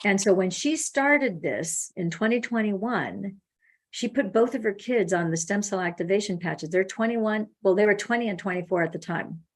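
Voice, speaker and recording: A woman's voice: medium pitch, moderate pace. A woman hosting a casual call, telling stories with acted-out quotes. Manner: animated storyteller acting out quoted speech. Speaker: host. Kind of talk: casual phone consultation.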